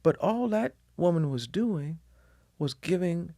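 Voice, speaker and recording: Animated man telling stories on a podcast. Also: unhurried, no room sound, studio quality. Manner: animated storyteller, lively swings in pitch and volume. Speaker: guest. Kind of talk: candid conversational interview.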